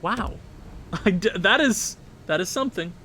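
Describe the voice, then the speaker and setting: A man giving casual, rambling commentary on a hockey video game, excitable and often correcting himself. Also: high-pitched, unhurried, background noise. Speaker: gaming commentator.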